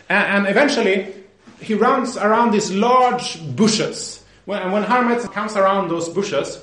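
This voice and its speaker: A man preacher telling a story in a sermon, with a lively, animated delivery and frequent restarts. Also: high-pitched. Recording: roomy echo.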